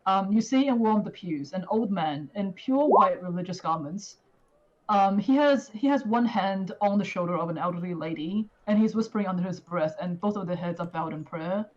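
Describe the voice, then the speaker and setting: A woman's voice: mid-range voice, moderate pace. A woman narrating as game master in a casual way, full of fillers. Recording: dull lo-fi audio.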